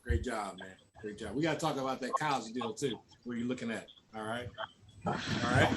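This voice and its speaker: A man leads a youth leadership workshop in a conference room, coaching speakers and drawing call-and-response from the group. His voice sits in a middle pitch. A heavy wash of noise runs under the whole recording. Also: brisk. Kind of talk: motivational workshop talk. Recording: loud background noise.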